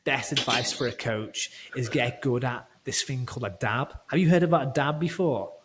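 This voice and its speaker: A man's voice: mid-range voice, normal speed, background noise. A man talking as a guest online coach in a casual podcast chat, rambling with lots of fillers and restarts and swearing freely.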